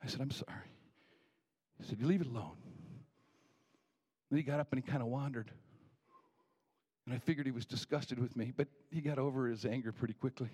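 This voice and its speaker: A man telling a personal story from his boyhood in a folksy, unhurried way, with small restarts. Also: medium pitch, fairly even intonation, warm tone, husky.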